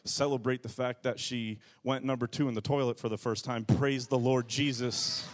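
A man in his thirties, a pastor preaching a lively sermon, dropping to a hush and then shouting as he acts out everyday scenes. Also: medium pitch, normal speed, some chatter behind, a little hiss or hum. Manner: animated preaching, shifting from hushed to shouted, acts out quotes.

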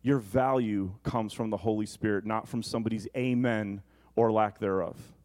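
A man preaching a sermon, animated and conversational, often asking the congregation questions. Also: fairly low pitch, normal speed.

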